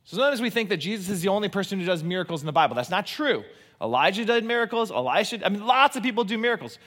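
Male preacher, high-pitched, animated delivery, slow emphatic scripture reading, swings from near-shouts to hushed lines. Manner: drops to a soft, low near-whisper for emphasis; reads scripture aloud in a slow, emphatic cadence. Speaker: pastor. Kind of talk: sermon.

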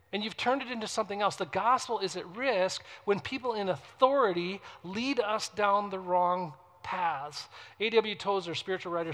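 Male pastor, a touch high-voiced, emphatic sermon delivery swinging from loud to hushed, conversational asides. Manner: conversational, asks the congregation questions.

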